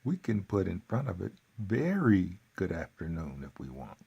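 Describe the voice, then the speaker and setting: Man, deep husky voice, unhurried, workbook lesson, folksy asides. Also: big pitch swings, mellow, highs cut off. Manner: slow, deliberate, repeats phrases, folksy asides. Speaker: Spanish teacher.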